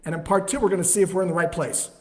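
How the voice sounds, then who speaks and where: A man giving sales advice in a podcast interview, acting out both sides of phone calls in an animated way. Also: high-pitched, racing. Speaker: sales trainer, guest. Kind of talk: conversational explaining with acted call examples.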